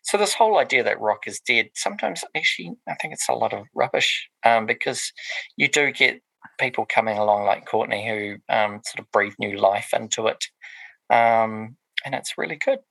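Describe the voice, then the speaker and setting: A gravelly-voiced man chats about music on a podcast. His voice is low-pitched yet bright, and it rambles along with plenty of ums and restarts. The recording is close and dry. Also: lively intonation, normal speed, no echo, low-quality recording. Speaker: podcast co-host reviewing music. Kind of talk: casual chat.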